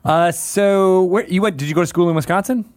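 A man's voice: sits high, brisk, darkish tone, no room sound. A male podcast host in casual chat, bantering playfully with his co-host and guest.

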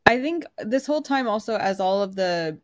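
A woman's voice: mid-range voice, lively intonation, moderate pace. A woman playing a tabletop game, chatty and full of fillers as she describes her character. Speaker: player.

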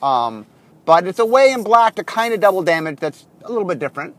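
Brief: man, podcast host, high lively voice, chatty car monologue, heard from a distance. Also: fairly quick, no echo. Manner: animated, rambling with many fillers. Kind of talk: casual monologue while driving.

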